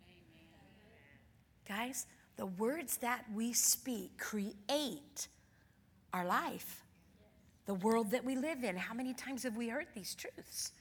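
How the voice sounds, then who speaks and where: A middle-aged woman minister telling a personal story in a sermon, dropping to soft near-whispers and rising to loud excited outbursts. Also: high-pitched. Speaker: guest minister. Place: church. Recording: long hall reverb.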